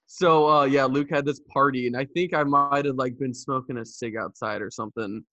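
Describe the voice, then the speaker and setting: A man's voice: mid-range voice, steady tone, brisk, sharp tone, no echo. A young man in his twenties casually retelling a story to a friend, laughing often and swearing.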